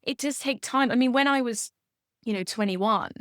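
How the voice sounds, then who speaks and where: A woman guest speaking as a coach, with a soft, soothing manner and steady reassurances. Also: fairly high pitch, normal speed, no echo, clean studio sound. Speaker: sober coach, podcast guest. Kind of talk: gentle coaching talk.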